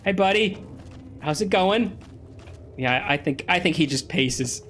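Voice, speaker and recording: A man gives chatty, excitable commentary as he plays through a video game. His voice swings widely in pitch and sits a bit higher than most men's. He is a little under the weather, and faint noise runs behind him. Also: measured pace. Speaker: let's play host. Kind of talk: casual gameplay commentary.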